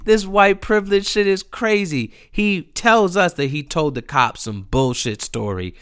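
A man's voice: high voice, unhurried, clear, resonant tone. A man telling a rambling, profane story in a casual monologue, acting out his friends' lines. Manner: animated, profane, mimics friends in quotes.

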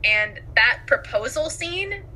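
Young woman co-host, chatty and giggly, bright tone, soft hiss behind. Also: high voice, sing-song, slow, low-quality recording. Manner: chatty, giggly, acts out quotes. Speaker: podcast co-host. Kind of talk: casual chat.

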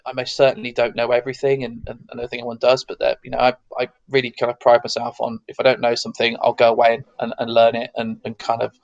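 A man's voice: medium pitch, creaky, dry recording. English guy, neutral accent, rambly interview guest, kinda dull lo-fi sound. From south of England. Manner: rambling, many restarts and fillers. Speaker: guest, security consultant. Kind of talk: casual interview chat.

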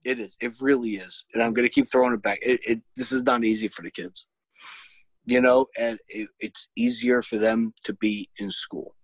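A man's voice: medium pitch, steady tone, moderate pace, no echo, poor audio. A man chatting casually, telling an exasperated, profane story as a parent. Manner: shouts when quoting himself. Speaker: podcast host, parent. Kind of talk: casual chat.

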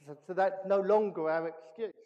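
A man preaching a sermon as pastor, animated, acting out the voices he quotes. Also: sits high, normal speed. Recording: reverberant hall, dull lo-fi sound.

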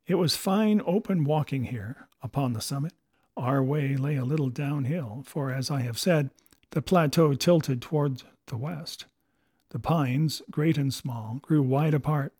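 A man narrates an adventure novel in a steady storytelling manner. His voice sits a bit high for a man. The recording is dry and close. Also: breathy edge, no room sound. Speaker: audiobook narrator. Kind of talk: scripted narration.

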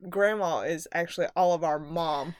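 A young woman with a fairly low voice talks easily, laughing along and chiming in. The sound is dry and close with no room to it. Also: moderate pace, no room sound. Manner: easygoing, laughs along and chimes in. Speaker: podcast co-host, aunt. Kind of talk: casual chat.

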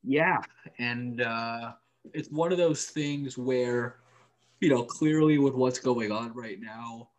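A man co-hosts a casual sports podcast, speaking slowly in a wry, offhand manner full of "likes" and "ums." His voice is mid-range with fairly even intonation.

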